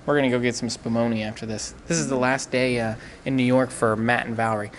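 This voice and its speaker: A man hosting a casual podcast chat in a restaurant at closing time, relaxed and joking, often trailing off mid-sentence. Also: mid-range voice, fast, a little hiss or hum. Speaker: podcast host. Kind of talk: casual chat over pizza.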